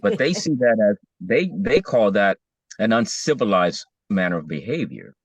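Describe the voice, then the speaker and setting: A man's voice: lowish voice, big pitch swings, normal speed, husky, no echo. A man in casual discussion as co-host, talking emphatically, his voice rising when he is stirred.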